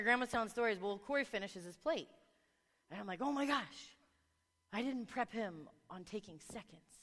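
A woman preaching a sermon, telling a family story with animated voices for the people in it. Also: medium pitch. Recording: long reverb of a large hall.

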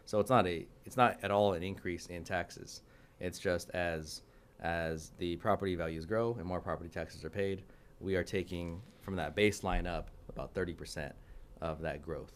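A man's voice: sits low, fairly even intonation, moderate pace, slight background noise. A young man from California, a city council member on a radio show, explaining policy earnestly with many fillers and restarts. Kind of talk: radio interview. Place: radio studio.

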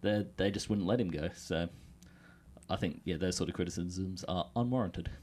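A man's voice: low-pitched, normal speed, darkish tone. A man on a podcast panel firmly defending riders against criticism, confident and opinionated. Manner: firm, opinionated. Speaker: cycling pundit. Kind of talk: casual panel chat.

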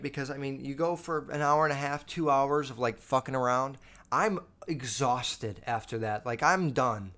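A man's voice: medium pitch, a bit bright. A young man in his twenties hosting a podcast, telling stories in a loose, rambling way with lots of swearing and filler words. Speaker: podcast host. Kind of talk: casual storytelling monologue.

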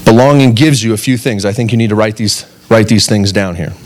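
A young adult man, a pastor, preaching a sermon in an earnest, animated way, often asking the congregation questions. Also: lowish voice, fairly quick.

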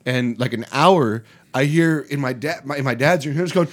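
A man's voice: mid-range voice, moderate pace. A man hosting a casual podcast chat, telling stories and acting out the people in them. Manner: animated storyteller, acts out quotes.

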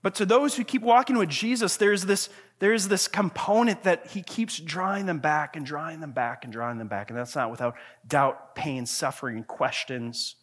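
A man's voice: normal speed, few pauses, slightly rough. Earnest male pastor preaching conversationally. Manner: swings from quiet, low passages to loud, high emphatic questions. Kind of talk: sermon.

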